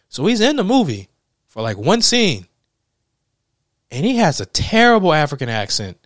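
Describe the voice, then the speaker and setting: A man's voice: a little high, sing-song, normal speed, pauses often, dry recording, studio quality. Exasperated man ranting about a movie. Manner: profane, exasperated, laughs often. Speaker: movie reviewer. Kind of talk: casual film review rant.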